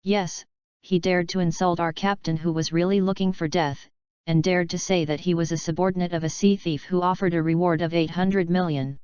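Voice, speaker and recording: A woman's voice: lowish voice, fairly even intonation, fairly quick, darkish tone, smooth, no echo, muffled recording, close to an everyday voice. A woman reading the lines of a boastful, bullying male pirate thug in a smug, mocking manner.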